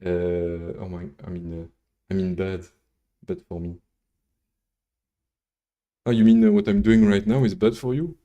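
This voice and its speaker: Slow, very dark-voiced man streaming code. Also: sits low, level tone, dull audio. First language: French. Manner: rambling, swears casually, chats with viewers between code steps. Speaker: coding livestreamer. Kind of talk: casual live-coding stream, thinking aloud.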